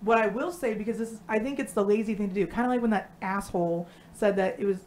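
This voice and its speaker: A woman's voice: mid-range voice, fast talker. Blunt, swearing woman chatting on stream. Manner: blunt, swears freely, animated storytelling. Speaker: co-host. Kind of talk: casual chat on a live stream.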